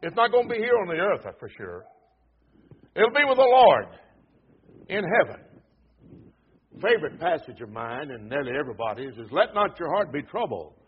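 A man with a husky, somewhat high, sing-song voice preaches a sermon at a church service, speaking at normal speed with long pauses. He earnestly exhorts the congregation and reads scripture aloud, captured on a dull, lo-fi recording.

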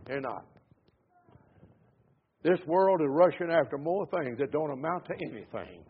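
A preacher delivering a sermon, stressing some words loudly and letting others trail off low. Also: male voice, expressive, unhurried, husky. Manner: emphatic preaching that swings between loud stresses and low trailing endings. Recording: tinny phone-like sound.

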